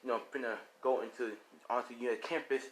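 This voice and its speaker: A man's voice: medium pitch, fairly even intonation, a little fast, low-quality recording. A young man improvising a fan story, rambling with lots of filler and casual slang. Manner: rambling, full of "you know" and "he's like".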